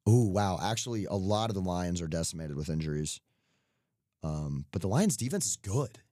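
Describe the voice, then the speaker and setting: Young man, very low voice, dry close sound, casual sports betting chat, joking. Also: animated, warm tone, dry recording. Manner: loose, joking, quick asides. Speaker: podcast co-host.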